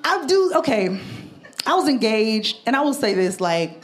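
A woman with a twang doing a stand-up comedy set in a club, animated and loud on her punchlines. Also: fairly high pitch, moderate pace. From Southern United States. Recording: live club with loud crowd noise. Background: audience laughter and chatter.

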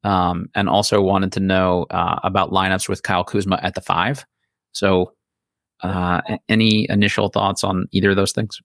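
A man's voice: low-pitched, level tone, moderate pace, a bit bright, no room sound, clean studio sound. A man hosting a casual sports podcast chat, blunt and opinionated. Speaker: podcast host.

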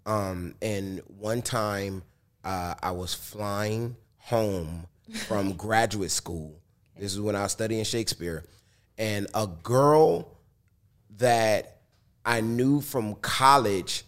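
A man as a guest on a casual interview show, laid-back, laughing easily and talking in loose slang. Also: lowish voice.

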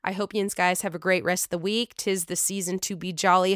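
A woman with a Pittsburgh accent hosting a podcast in excitable, profane casual chat, her voice lowered from being sick. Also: brisk, no room sound, clean studio sound. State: sick, voice lower than usual. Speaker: podcast host.

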